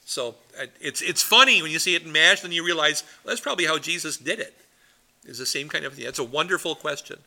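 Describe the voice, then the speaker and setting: A middle-aged man, a pastor, leading a Bible study in an animated, rambling storytelling way. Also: on the high side, quick pace, creaky.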